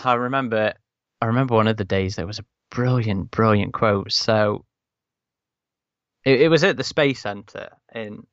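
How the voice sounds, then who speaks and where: Man, podcast co-host, loose anecdotal talker, slightly low voice, dry and muffled recording. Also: a bit bright, dry recording. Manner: rambling anecdotal storyteller, many restarts. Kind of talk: casual chat.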